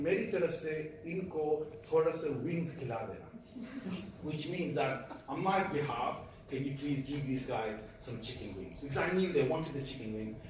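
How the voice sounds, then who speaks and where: A man giving an animated storytelling lecture, acting out voices and laughing at his own jokes. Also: a little high, a little hiss or hum. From Britain. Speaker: Islamic lecturer. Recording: echoey hall, speaker far from the mic.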